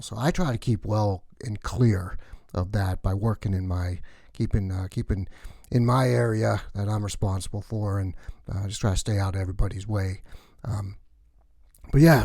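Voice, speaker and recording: A man's voice: fairly low pitch, moderate pace, creaky, mellow, no room sound, clean studio sound. A man playing a gossipy male cleaner on a space station, rambling through chatty news full of asides in a comic sketch.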